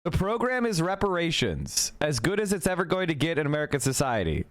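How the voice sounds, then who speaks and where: A man's voice: on the high side, very animated. A man hosting a political livestream, talking casually and argumentatively while reacting to clips and chat. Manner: argumentative, fast-shifting, repeats points. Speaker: political streamer.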